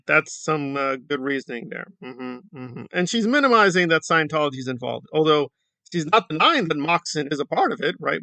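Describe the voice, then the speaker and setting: A man's voice: fairly high pitch, gravelly, sharp tone, dry recording. A man giving sarcastic, mocking commentary on an online video feud. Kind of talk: reaction commentary.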